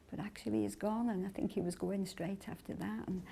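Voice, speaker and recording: A woman's voice: mid-range voice, steady tone, brisk, gravelly, hardly any pauses, dark tone, a little hiss or hum. A woman who is a devotee, telling a heartfelt personal memory in an interview and acting out the quotes in it.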